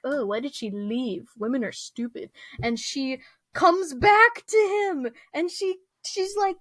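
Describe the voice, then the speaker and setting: A woman's voice: fairly high pitch, dry recording. A young woman rambling through a casual rant, full of fillers, restarts and small laughs. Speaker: vlogger.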